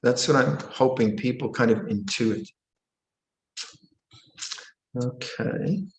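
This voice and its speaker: A man teaching as a monastic during a question-and-answer session on meditation. He talks gently and playfully and acts out moods with sudden high exclamations. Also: slow. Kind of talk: Dharma Q&A teaching. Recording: roomy echo.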